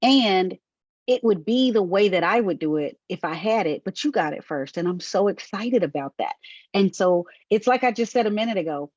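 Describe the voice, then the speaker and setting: Woman guest, low voice, affirming and praising, dry lo-fi audio. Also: animated, normal speed, no room sound. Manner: warmly affirming, repeats praise. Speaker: guest and team member. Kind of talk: interview conversation.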